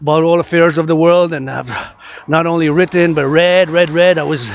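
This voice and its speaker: A man's voice: a little high, fairly even intonation, moderate pace, dull audio, a little hiss or hum. A man from Quebec vlogging outdoors while moving through a city, talking in a rambling, repetitive, preachy way into a handheld phone camera. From Quebec, Canada. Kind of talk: rambling outdoor vlog monologue.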